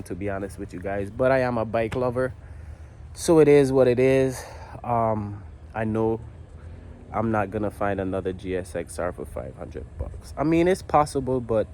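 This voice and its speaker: A motorcycle builder from the Virgin Islands tells a rambling, slangy story for a casual vlog while he works in his home garage. His voice is mid-range with a darkish tone.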